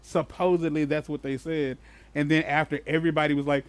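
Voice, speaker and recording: Podcast co-host, male, high-pitched, dry close mic, lively profane storyteller. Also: fast talker, dry recording. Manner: animated storyteller, swears freely, bursts into laughter. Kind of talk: casual chat.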